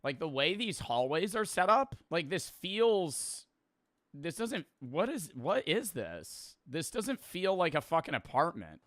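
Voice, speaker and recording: Young streamer guy, rambling and cussing, bright dry close voice. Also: fairly high pitch, sing-song, unhurried, no echo. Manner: rambling, swearing, laughing storyteller. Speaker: streamer reacting to clips. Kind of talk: casual reaction chat.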